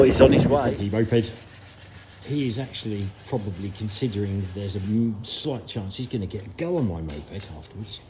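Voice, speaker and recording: A man hosts a casual vlog in a medium-pitched, darkish voice, talking bluntly and jokingly with plenty of swearing. Outdoor noise and passing vehicles can be heard behind him.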